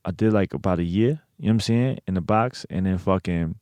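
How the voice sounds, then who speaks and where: On a dry recording, a low-pitched American man talks a little fast in a slightly mellow tone. He's an interview guest sharing a personal story casually, with a streetwise edge, lots of swearing, and plenty of filler.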